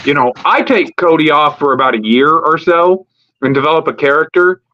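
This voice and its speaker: A man's voice: on the high side, expressive. Profane, rambling man on a lo-fi stream. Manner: profane, rambling, acts out promos in quick asides. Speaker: wrestling talk stream host. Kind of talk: casual ranting commentary. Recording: lo-fi streamed audio.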